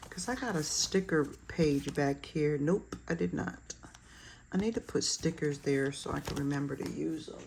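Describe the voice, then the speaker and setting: A woman's voice: deep voice, moderate pace, gravelly, a little mellow, slight background noise. A woman chatting casually while decorating her planner, laughing at herself with self-deprecating humor. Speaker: planner vlogger.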